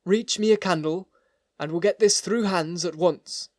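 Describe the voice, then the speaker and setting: A man's voice: sits high, a little slow, no room sound, clean studio sound, voice pushed up. A man voicing a harsh, frightened old butler. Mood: urgent, fearful. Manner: harsh, broken, urgent. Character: frightened loyal male butler, older, nerves jangled.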